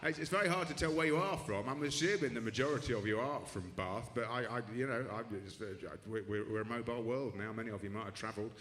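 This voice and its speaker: Performing stand-up in a club, this man talks quickly with hardly any pauses, his mid-range voice a bit bright. He rambles through dry, self-deprecating asides and keeps restarting. The recording captures an echoey club room with a live audience making noise.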